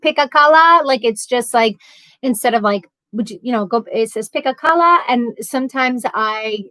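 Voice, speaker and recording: A woman's voice: fairly high pitch, no room sound. Chatty woman with a New York accent. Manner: chatty, rambling, laughs often. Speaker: livestream host reading chat. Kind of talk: casual chat.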